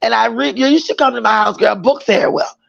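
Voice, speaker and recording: Woman livestream host, very gravelly high voice, dry lo-fi sound, greets viewers by name, loose slangy chat. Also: quick pace.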